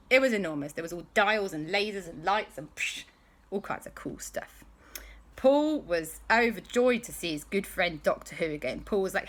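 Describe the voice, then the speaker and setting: A woman telling a bedtime story in an animated way, with sound effects. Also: fairly low pitch, a little fast.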